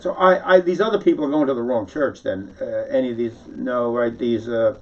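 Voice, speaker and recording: A man's voice: mid-range voice, a little fast. A man from New York City doing a sarcastic, needling one-sided mock phone call, rambling with many restarts. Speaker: satirical monologuist. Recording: dull, distant lo-fi recording.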